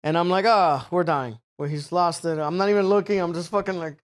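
High-voiced man telling a rambling story. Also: fast. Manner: rambling, profane, animated storytelling with frequent fillers. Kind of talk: casual chat.

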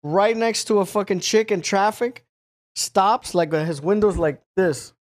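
A young man telling a rambling, profane story in casual chat, full of fillers and animated asides. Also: sits high, unhurried.

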